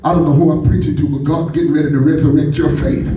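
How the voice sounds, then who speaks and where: A man with a high voice preaching a sermon, building his points and pushing up into shouts. He sounds set back from the mic, and the room rings around him. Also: little pitch movement, quick pace, very echoey, far from the mic. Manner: emphatic preaching that climbs into shouts.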